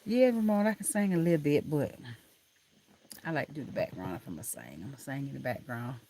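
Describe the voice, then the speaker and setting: A woman hosts a relaxed live stream from a room in her home, talking into her laptop's built-in mic. She chats warmly with her viewers, calling them honey and baby and laughing easily. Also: a bass voice, brisk, a little hiss or hum. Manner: chatty and affectionate, calls viewers honey and baby, laughs often. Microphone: laptop camera mic.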